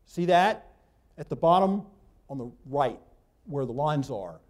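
A man's voice: medium pitch, animated, a little slow, a little mellow. A man teaching a Bible class, reading scripture aloud, then breaking off with loose asides as he points things out on a map. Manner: talks loosely, with restarts, while pointing at a map.

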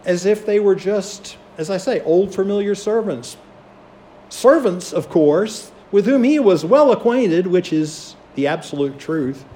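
A man's voice: high-pitched, lively intonation, unhurried, dark tone. A man preaching a sermon, telling a story and acting out the voices of its people. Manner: storytelling, acts out quoted voices.

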